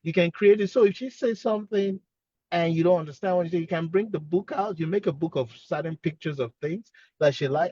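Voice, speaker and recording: A man with an accent giving gentle, encouraging speech advice over a video call from his car. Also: high voice, a little fast, no echo, lo-fi sound. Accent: non-native English accent. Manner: gentle, encouraging, acts out example dialogues. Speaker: speech-language pathologist, expert guest.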